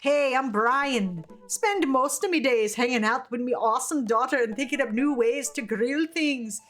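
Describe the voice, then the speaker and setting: A woman voicing a boastful middle-aged dad in a slow put-on Scottish-Irish accent, over faint game music. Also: high-pitched, a bit bright.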